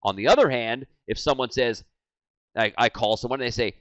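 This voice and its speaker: A man in his forties teaching sales, energetic and animated, swinging from loud and hyped to low and quiet. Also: a little fast, no echo. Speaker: sales trainer. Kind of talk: energetic training talk. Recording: dry, slightly dull lo-fi sound.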